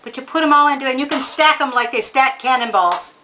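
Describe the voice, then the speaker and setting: A woman's voice: sits high, fast talker, bright, forceful tone, slight background noise, rough recording. A woman giving a casual cooking demonstration in a home kitchen, chatty and homey, talking straight to the viewer. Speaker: home cook presenting a recipe.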